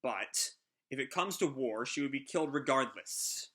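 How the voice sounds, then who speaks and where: A man reading aloud the curt lines of a cold young king in a flat, clipped way. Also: medium pitch, normal speed, close to an everyday voice.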